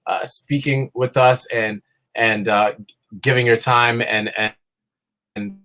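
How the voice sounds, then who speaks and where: A man hosting a casual live show, halting with many fillers and restarts. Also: mid-range voice, steady tone, bright, forceful tone. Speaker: livestream host.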